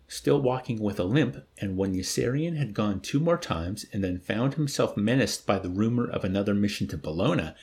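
Expressive low-voiced man reading aloud. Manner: expressive reading, acting out dialogue. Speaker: book club reader. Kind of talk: reading a novel aloud with discussion.

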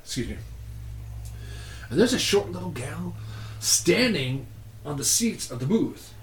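A man, a podcast guest, telling profane bar stories in an animated, casual way. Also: on the high side, a little slow, roomy sound, slight background noise. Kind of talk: casual storytelling.

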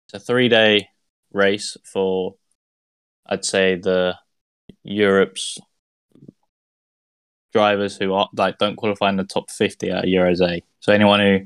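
A man's voice: low-pitched, clean tone, no room sound. A man being interviewed as a guest on a podcast, explaining things in a loose, rambling way. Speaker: guest racer. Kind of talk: casual chat.

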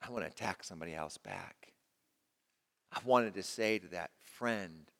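A man's voice: very animated, normal speed, creaky. Man preaching in an echoing hall. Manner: dynamic preaching, drops to soft low tones and rises with emphasis. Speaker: pastor. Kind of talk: sermon.

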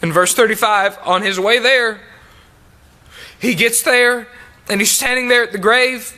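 A man preaching a sermon, reading King James scripture aloud and repeating key phrases for emphasis, sometimes dropping to a soft, low voice. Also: steady tone, unhurried. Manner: reads King James verses then comments with emphatic repetition; drops to soft, low tones in tender appeals.

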